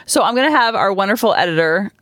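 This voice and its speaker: A woman's voice: mid-range voice, lively intonation, fast talker, a bit bright, no room sound, studio quality. A middle-aged woman hosting a podcast, chatting casually and animatedly, with lots of fillers. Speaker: podcast host and coach. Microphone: studio podcast microphone.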